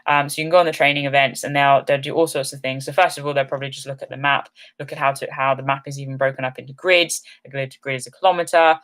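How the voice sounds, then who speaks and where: A woman's voice: extremely low pitch, steady tone, fast talker, hardly any pauses, fairly bright tone. Woman host, casual live-stream Q&A, upbeat and rambling, slightly tired. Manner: chatty, upbeat, rambling with many ums. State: yawning, a little tired. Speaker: outdoor channel host. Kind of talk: live-stream chat answering comments.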